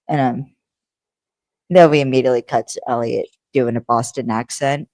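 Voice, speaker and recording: A woman's voice: very deep voice, steady tone, normal speed, warm tone, no echo. A woman co-hosting a podcast in casual chat, rambling with lots of fillers and laughing easily. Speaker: podcast co-host.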